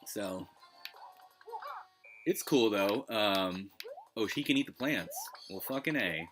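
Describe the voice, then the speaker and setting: A man's voice: lowish voice, expressive, slow pace, over music. A man streaming retro gameplay live, rambling in casual chat and swearing freely. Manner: rambling, swears, lots of restarts. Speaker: gaming streamer.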